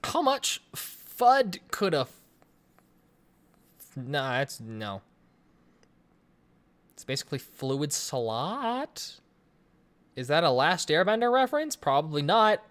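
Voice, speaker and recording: Sitting at a webcam in a home room, this lively Colorado livestream host in their 20s reads chat questions aloud for a casual Q&A, using a desk mic on a stream setup. The talk is rambling and jokey with frequent restarts, at medium pitch, slow and full of pauses.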